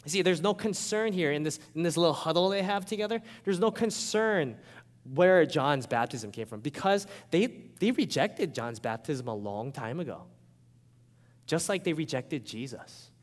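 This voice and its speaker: A man preaching a sermon as a pastor, animated and conversational, often checking in with his listeners. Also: a little high, moderate pace, in a large hall.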